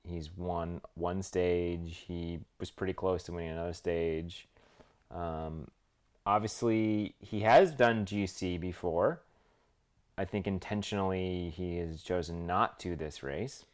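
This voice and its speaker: A man co-hosting a casual cycling podcast, talking in an excitable, hesitant way with lots of ums. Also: low voice, slow, clean tone. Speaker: podcast co-host. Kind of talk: casual chat.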